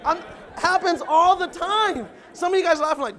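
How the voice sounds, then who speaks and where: A man giving a loud, punchy motivational speech to new recruits, asking the crowd if they follow him, with the audience answering back. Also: very high voice, moderate pace. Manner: acts out quoted people in changed voices. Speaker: motivational speaker at recruit orientation. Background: audience responding.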